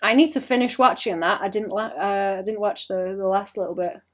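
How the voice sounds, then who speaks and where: A British woman chats loosely on a live art stream, wandering from thought to thought and laughing at herself. She talks to her viewers one moment and mutters quietly over her canvas the next, in an easy mid-range voice. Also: mid-range voice, fairly quick. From Britain. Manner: rambling, self-mocking, often trails off to mutter. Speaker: streaming artist. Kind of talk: casual stream chat while drawing.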